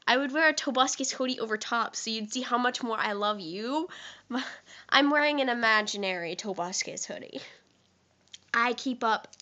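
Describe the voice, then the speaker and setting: A teenage girl talking into her phone from the couch, sick and a little rough in the throat. She rambles, gushes and giggles her way through a casual fan vlog. Her voice sits fairly high and bright, with a bright, forceful edge. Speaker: vlogger. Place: at home on a couch. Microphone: phone held close.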